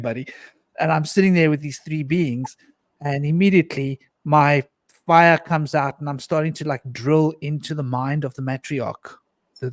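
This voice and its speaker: Male panelist, earnest storyteller, stumbles and repeats himself, voice sits a bit high. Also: no room sound. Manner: earnest, intense storytelling with frequent restarts and repetitions. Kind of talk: recounting a personal mystical experience in a panel discussion.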